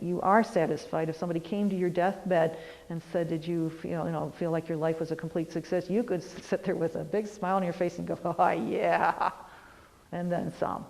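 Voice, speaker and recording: A middle-aged woman yoga teacher guiding a lesson, gently encouraging and often checking in with "all right". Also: on the low side, in a large hall, rough recording. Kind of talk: guided lesson on goals and mantra practice.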